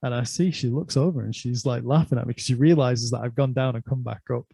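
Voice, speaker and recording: A man's voice: medium pitch, steady tone, fast talker, creaky, dark tone, slightly rough, no echo. A middle-aged man telling a long, rambling personal story in casual chat, laughing often and filling gaps with "like" and "um".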